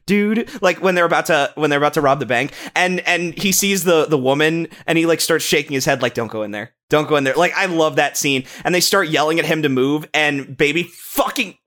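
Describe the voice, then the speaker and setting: A young man co-hosting a casual podcast, talking excitedly about a film, swearing often and restarting his sentences. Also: on the high side, brisk, hardly any pauses. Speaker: podcast co-host. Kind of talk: casual movie-review chat.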